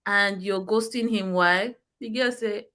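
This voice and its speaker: A woman with a Nigerian accent talks through a film in casual conversation, and her voice comes across bright and forceful. She retells the scenes with animated energy, and her pitch sits in the ordinary middle range. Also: unhurried. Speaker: movie review co-host. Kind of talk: casual chat.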